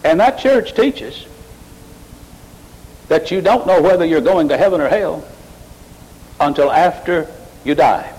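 A pastor preaches with a somewhat high male voice. He builds his points in short phrases, then climbs sharply in pitch and volume to drive them home. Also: lively intonation, unhurried, long pauses, a little mellow, rough recording. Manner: mocking emotional worshippers in a high voice. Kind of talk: sermon.

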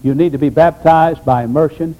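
A man pastor preaching an emphatic sermon, dropping low for solemn points. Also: a little fast, highs cut off.

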